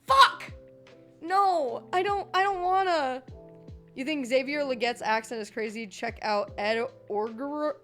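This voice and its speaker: A woman's voice: high-pitched, a little slow, faint music behind. A woman streamer chatting casually while reacting to a video, playful, swearing and laughing a lot.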